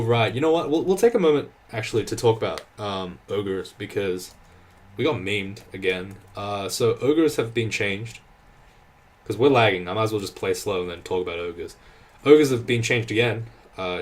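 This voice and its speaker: A man giving casual, exasperated gameplay commentary, swearing often and restarting his sentences. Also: fairly low pitch. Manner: exasperated, sweary ranting with frequent laughs and restarts. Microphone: desk microphone.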